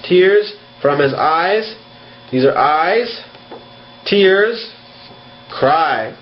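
Very slow, lively-voiced man teaching English. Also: on the high side. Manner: spells words out, acts laughing and crying. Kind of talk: slow ESL lesson. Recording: echoey, dull room with faint hum.

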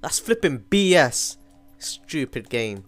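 A young man giving live commentary over his own gameplay, excitable, switching between mumbled asides and sudden yells. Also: fairly high pitch, slow, soft background music. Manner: excitable, swings from mumbling to yelling. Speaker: gaming commentator. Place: home room.

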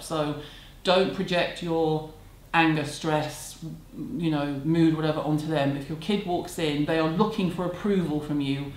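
A woman's voice: low voice, fairly even intonation, measured pace. A woman, answering viewer questions at home in a candid, chatty, self-deprecating way. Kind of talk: casual chat. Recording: echoey room, faint background hum.

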